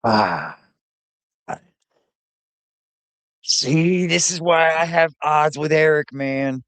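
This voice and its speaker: A man's voice: fairly high pitch, animated, very slow, fairly bright tone, no echo. A man hosting a livestream, casually commenting and greeting his chat. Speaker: livestream host.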